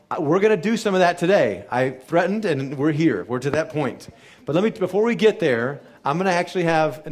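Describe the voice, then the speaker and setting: Upbeat man giving a live pep talk. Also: on the high side. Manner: energetic, pep-talk style with rhetorical questions. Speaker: chiropractor hosting a wellness seminar. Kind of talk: live motivational talk to an audience. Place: hall with a live audience.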